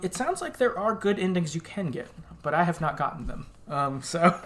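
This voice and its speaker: A man's voice: fairly high pitch, big pitch swings, moderate pace, a bit bright. A man co-hosting a podcast, chatting casually and laughing often as he recaps a game and acts out its quoted lines. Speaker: podcast co-host.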